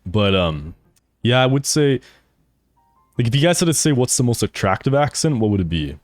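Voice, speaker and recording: A man's voice: medium pitch, very animated, moderate pace, no room sound, soft background music. A man streaming a game, chatting casually with his chat, laughing often and swearing freely. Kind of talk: casual live-stream chat while gaming.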